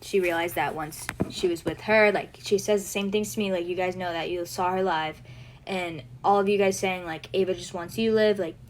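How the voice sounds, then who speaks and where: A woman's voice: lowish voice, fairly even intonation, normal speed, slight background noise, low-quality recording. Young woman, livestream host; casual, flustered delivery full of filler words. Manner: flustered, loses her train of thought; heavy use of "like" fillers.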